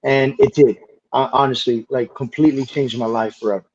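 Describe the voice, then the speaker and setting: A man being interviewed as a guest, telling stories casually in a lively way, with easy swearing and lots of "like" fillers. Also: mid-range voice, fairly quick, highs cut off.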